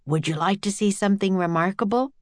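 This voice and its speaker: A woman's voice: medium pitch, fast talker, dry recording, natural voice. Polite young ship scientist, friendly and helpful, read by a woman. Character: kind young male sailor-scientist, polite.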